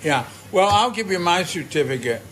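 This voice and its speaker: Older male host, chatty and encouraging, slightly high voice, faint outdoor hiss. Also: expressive, a little fast, fairly bright tone, rough recording. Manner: chatty, encouraging, many fillers. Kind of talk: casual interview. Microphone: iPhone held by speaker.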